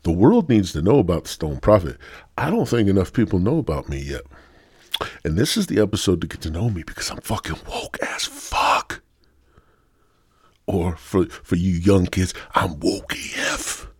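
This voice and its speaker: A man's voice: low-pitched, big pitch swings, normal speed, a little mellow, husky, dry recording, clean studio sound. A man hosting a solo podcast, rambling and swearing with a stoned, sore-throated manner. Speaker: podcast host. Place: home studio.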